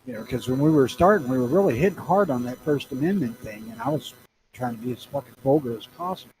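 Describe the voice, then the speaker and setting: A man's voice: mid-range voice, lively intonation, fast, background noise. A middle-aged man from Missouri with a Southern accent, rambling crudely and profanely as a podcast co-host. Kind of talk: casual chat.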